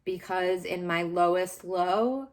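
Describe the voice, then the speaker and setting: Low-voiced woman telling her story candidly. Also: slow. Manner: confessional, searching, frequent fillers and restarts. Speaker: vlogger sharing personal story.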